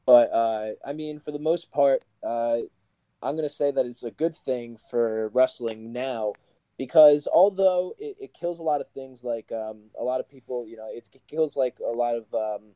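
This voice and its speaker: A man's voice: mid-range voice, normal speed, warm tone, no echo. A young man, a guest pro wrestler, telling stories in a casual interview, rambling with lots of likes and you-knows.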